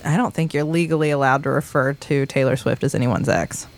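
A woman's voice: extremely low pitch, a little fast. A woman co-hosting a podcast with her sisters, rambling casually and slipping in dry jokes. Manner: wry, rambling, joking. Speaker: podcast host. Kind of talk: casual chat among siblings.

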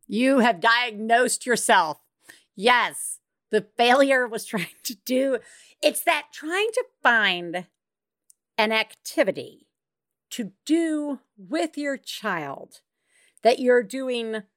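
A woman's voice: fairly high pitch, animated, slow pace, a bit bright, no room sound, studio quality. A woman hosting a parenting podcast, talking candidly and bluntly, with easy laughter and swearing. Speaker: podcast host.

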